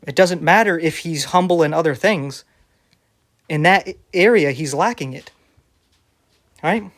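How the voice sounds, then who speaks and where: A man's voice: on the high side, unhurried, fairly bright tone. A man who preaches online, reading viewer comments aloud and answering them in a sarcastic, defensive way.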